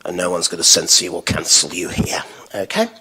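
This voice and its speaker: A man's voice: low-pitched, fairly even intonation, a little fast, sharp tone, slight background noise, rough recording. A man chairing a council meeting, courteous and a little hesitant as he hands the floor to speakers.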